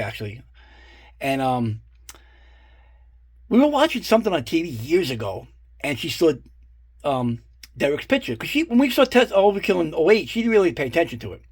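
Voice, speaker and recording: A man's voice: fairly high pitch, darkish tone, breathy edge. A middle-aged man, rambling casually and swearing freely as he shows off his collection. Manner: rambling, profane, full of fillers and asides. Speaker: collector showing his guitar picks. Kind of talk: casual show-and-tell storytelling.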